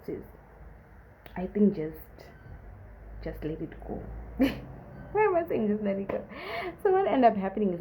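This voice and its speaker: A young woman from Zimbabwe tells a casual storytime tale to her viewers. Her voice sits low and mellow, and it leaps up sharply whenever she acts out someone else's lines. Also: poor audio. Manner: animated, acts out quotes with big pitch jumps. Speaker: vlogger.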